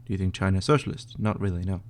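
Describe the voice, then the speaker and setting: A young man from northern Sweden with a Swedish accent, casually reading out and answering chat questions on a live stream, with many fillers and pauses. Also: low-pitched, a little hiss or hum. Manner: laid-back, reads chat questions aloud, hesitant with fillers.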